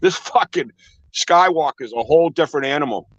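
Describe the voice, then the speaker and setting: A man's voice: on the high side, expressive, a little fast, no room sound, highs cut off. A man chatting casually about boxing, rambling, laughing a lot and swearing constantly. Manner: crude, rambling, laughs often, heavy swearing. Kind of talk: casual profane banter.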